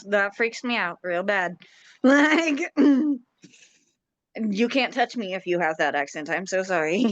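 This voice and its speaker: A woman's voice: fairly high pitch, fairly bright tone, dry recording, dull audio. A woman co-hosting a podcast, chatting casually, laughing often and humming along as she listens. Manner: laughs often, drawn-out hums. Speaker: podcast co-host. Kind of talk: casual chat.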